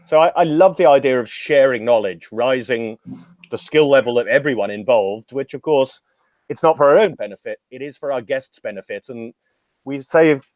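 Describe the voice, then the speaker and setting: A middle-aged man, a drinks educator guesting on a podcast, telling long anecdotes with wry humor in a relaxed conversational way. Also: mid-range voice, moderate pace, no room sound. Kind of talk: casual storytelling interview.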